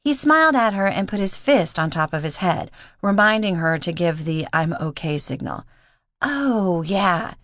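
A woman narrating an audiobook in a steady, measured reading voice. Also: on the low side, dry recording, clean studio sound. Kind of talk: scripted narration.

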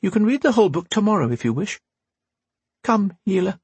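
A man voicing a wise, commanding older woman scholar with measured, lofty pronouncements. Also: sits high, sing-song, a little mellow, husky, no echo, pitched above the performer's own voice, heavily acted. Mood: dismissive.

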